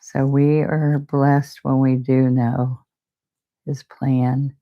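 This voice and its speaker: An older woman, hosting a live painting stream. She talks softly and close to tears, often repeating words as she chats to viewers. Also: a bass voice, flat delivery, extremely slow, dull audio. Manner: soft-spoken, tearful, repeats words. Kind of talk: casual heartfelt chat to live viewers.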